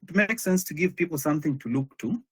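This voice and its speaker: Hesitant man with a husky voice on a video call. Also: a little high. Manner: hesitant, halting, with frequent restarts. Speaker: guest speaker. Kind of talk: casual pre-show chat.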